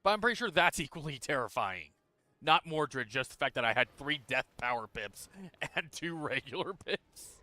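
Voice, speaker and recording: A man streaming a video game, talking through his moves in a relaxed, casual way, a little tired. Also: a little high, normal speed, dry recording. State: tired, yawning. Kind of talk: casual gameplay commentary.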